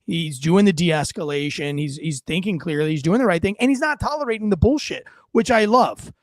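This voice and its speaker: A man's voice: high voice, lively intonation, fairly quick, dry recording, studio quality. A man hosting a podcast, talking through a video clip in emphatic, casual commentary with frequent fillers. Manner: emphatic, punchy, with many fillers. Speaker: podcast host.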